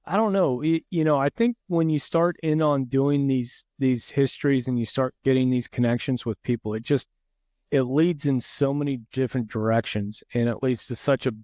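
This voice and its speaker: A man's voice: medium pitch, fairly even intonation, normal speed, darkish tone, no echo, clean studio sound. A man hosting a podcast interview, speaking reflectively and often restarting his sentences. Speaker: podcast host. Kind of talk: conversational interview.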